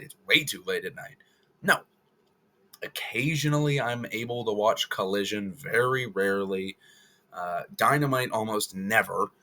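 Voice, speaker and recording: Casual rambling man with a lowish voice. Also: sharp tone. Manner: casual, rambling, self-correcting. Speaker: wrestling video creator. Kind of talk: opinion commentary vlog.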